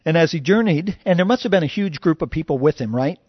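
A man's voice: fairly high pitch, expressive, fast talker, husky, no echo, highs cut off. A man preaching a sermon as a pastor, conversational and full of "you know" fillers.

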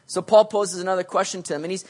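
A pastor preaching a sermon, animated, switching between loud emphasis and hushed asides, and acting out quoted voices. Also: medium pitch, fast. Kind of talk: sermon teaching on a Bible passage.

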